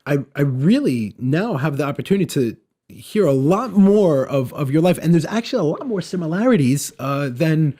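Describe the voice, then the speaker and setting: Podcast host, man in his late thirties, mellow tone, halting delivery. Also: fairly high pitch, very animated. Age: 30s. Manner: hesitant, many fillers and restarts. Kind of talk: casual interview.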